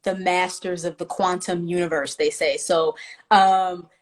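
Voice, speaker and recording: A woman's voice: fairly low pitch, steady tone, a little slow. A woman guest, a spiritual healer, talking emotionally in a casual interview over a video call. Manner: emotional and warm-hearted, speaks in spiritual terms.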